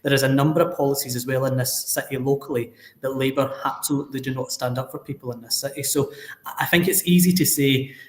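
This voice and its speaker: Fast-talking Scottish councillor, roomy sound. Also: male voice, mid-range voice, fairly even intonation. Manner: forceful, emphatic, indignant. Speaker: city councillor guest. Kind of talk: political discussion on a talk show. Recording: roomy echo.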